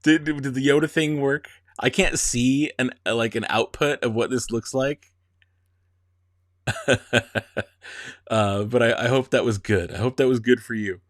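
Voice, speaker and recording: In clean studio sound without echo, a male streamer speaks a little slowly in a mid-range voice. He chats casually with viewers, giggling, rambling, and frequently starting over.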